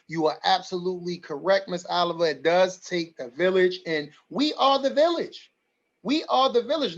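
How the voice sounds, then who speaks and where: Emphatic high-voiced man hosting a livestream. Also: a bit bright, lo-fi sound. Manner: emphatic, repeats lines for stress, says "man" and "people". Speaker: host of an online community forum. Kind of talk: livestream community address.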